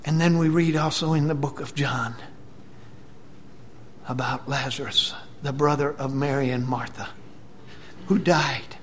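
A man preaching a sermon, retelling scripture dramatically, dropping to a whisper and then booming out. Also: steady tone, unhurried, long pauses, slight background noise.

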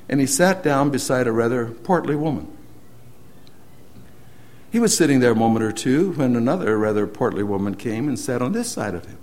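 A man preaching a sermon, earnestly retelling a story and often letting his sentences trail off softly. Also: medium pitch.

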